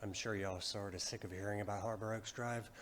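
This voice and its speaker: Man losing his voice, concerned resident, public comment, low pitch, faint noise behind. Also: fairly even intonation, fairly quick, a bit bright. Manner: concerned, hesitant with fillers.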